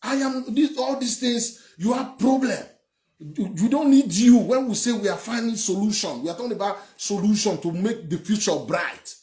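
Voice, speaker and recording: A man's voice: sits high, expressive, moderate pace, darkish tone. A young Nigerian man from Edo giving heated political commentary, emphatic and rambling, repeating words and swearing. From Edo State, Nigeria. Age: young adult. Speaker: online commentator. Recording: echoey room.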